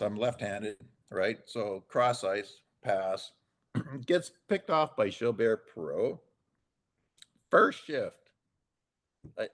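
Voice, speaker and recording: A man in his sixties, a former hockey player, telling rambling anecdotes on a podcast, acting out the dialogue and chuckling often. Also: on the low side. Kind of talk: casual storytelling chat.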